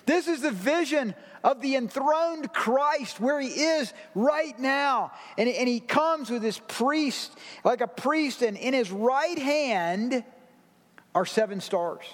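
High-voiced man preaching in a reverberant hall. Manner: preaching with slow emphatic phrasing, dropping to a hushed soft tone. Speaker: pastor. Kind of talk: sermon. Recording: long reverb of a large hall.

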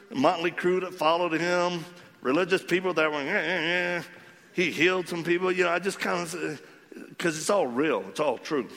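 A man preaching a storytelling sermon, animated and acting out the voices of the people in his story. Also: a little high, creaky, big-room sound. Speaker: ministry leader speaking to men.

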